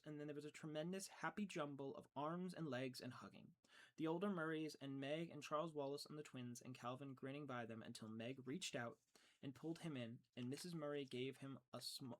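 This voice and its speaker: A man narrating an audiobook earnestly, stumbling and restarting now and then. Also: fairly high pitch. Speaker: audiobook reader.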